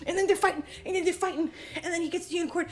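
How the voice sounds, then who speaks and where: High-voiced, profane, giggling woman podcaster. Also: fairly even intonation, very fast. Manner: profane, rambling, laughs often while telling. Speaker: podcast host. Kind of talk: casual comedic movie recap.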